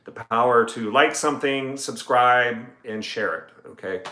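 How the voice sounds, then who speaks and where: Chatty man with a bright voice. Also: mid-range voice, moderate pace, few pauses, echoey room, rough recording. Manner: chatty, reads legal text aloud then jokes about it. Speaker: attorney hosting a livestream. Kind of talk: casual livestream talk. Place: home music room.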